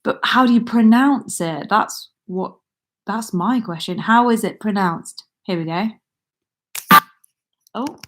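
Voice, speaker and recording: A woman's voice: mid-range voice, slow pace, long pauses. Chatty young woman on a livestream. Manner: chatty and rambling, with frequent ums and little laughs. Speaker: YouTuber hosting a livestream. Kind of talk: casual livestream chat reading comments. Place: indoors at home with a laptop.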